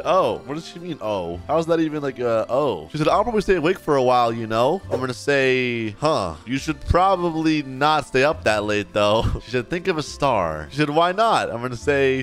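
A young man giving casual gameplay commentary, excitable and nervous, reading out in-game chat lines with frequent laughs. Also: on the high side. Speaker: Roblox roleplay YouTuber.

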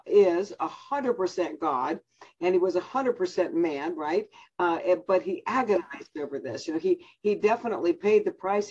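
A woman's voice: on the low side, darkish tone, husky. A woman preaching a sermon on a call, chatty and laughing often. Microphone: video call. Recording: dull lo-fi call audio.

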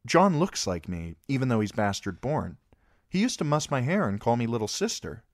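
A man voicing a fierce, quick-tempered young noble girl in a storybook reading, blunt and demanding. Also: mid-range voice, sing-song, dry recording, studio quality, pitched above the performer's own voice. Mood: wistful.

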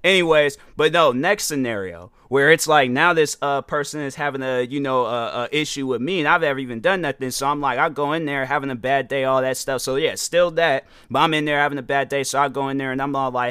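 A man's voice: medium pitch, a little fast, hardly any pauses, pushed and bright, clean tone, dry recording, studio quality. A man hosting a casual monologue, telling stories with lots of slang and fillers, acting out both sides of conversations. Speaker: podcast host.

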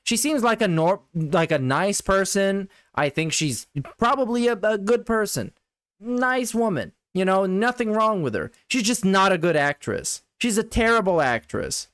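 A man hosts a stream, talking over a video with blunt sarcasm and frequent swearing. His voice swings widely in pitch, and it sits dry and close, with no room sound. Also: expressive, moderate pace, fairly bright tone, no room sound. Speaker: stream host reacting to a video. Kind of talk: sarcastic live commentary.

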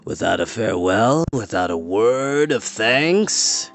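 A man reading aloud, voicing a scheming male warband leader with slow, mock-courteous, taunting speech. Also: mid-range voice, big pitch swings, soft background music.

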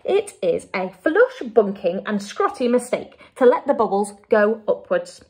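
A huge, friendly giant booms out his muddled words with loud, swinging emphasis, as an English woman puts him on for a storybook reading. His lines leap up and down in pitch with lots of drama. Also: sing-song, a little slow, husky. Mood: indignant. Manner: booming, emphatic, garbled grammar.

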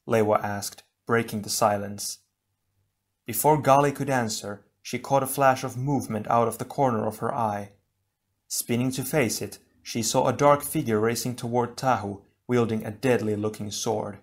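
A man narrates an audiobook in a measured, dramatic reading. His voice sits low. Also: fairly even intonation. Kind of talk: scripted narration.

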